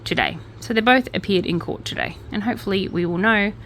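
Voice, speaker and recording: An Australian woman at a middling pitch reads crime stories in a relaxed, chatty way, tossing in wry remarks and correcting herself as she goes. A faint hum sits behind her voice. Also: fast. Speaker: crime news vlogger. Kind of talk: casual commentary reading out news stories.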